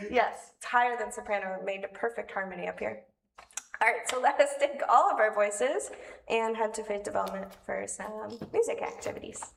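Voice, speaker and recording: A woman's voice: mid-range voice, normal speed, creaky, pauses often. Playful woman in an echoey hall. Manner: playful, chatty, laughs between phrases. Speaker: worship leader leading a children's time. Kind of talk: friendly talk to children in a service. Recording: echoey room from far off, faint noise.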